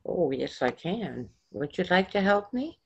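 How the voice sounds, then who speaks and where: A woman voicing a kind, patient, gentle man with a soft, soothing manner. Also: fairly low pitch, big pitch swings, measured pace, creaky, slightly rough, full character voice. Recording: dull lo-fi recording.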